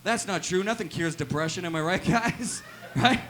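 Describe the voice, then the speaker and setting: A man performing a stand-up comedy set in a small live venue, delivering deadpan one-liners and tagging nearly every line with "right?". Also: sits high, moderate pace, slight background noise.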